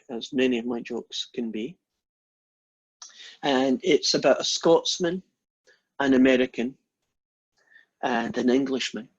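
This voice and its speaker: Man, maths lecturer, husky voice, dull lo-fi recording, chatty. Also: mid-range voice. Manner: chatty, asks the class questions. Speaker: math lecturer. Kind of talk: university lecture with storytelling.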